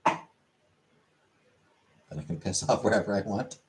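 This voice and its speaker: A man chatting casually with his chat as a streamer, rambling, correcting himself and trailing off into quiet asides. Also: on the low side, a little slow.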